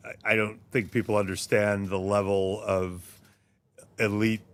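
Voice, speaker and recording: A man who is a sports journalist, a guest on a talk show, speaking thoughtfully with frequent pauses and fillers. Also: fairly low pitch, little pitch movement. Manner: thoughtful, many ums and restarts.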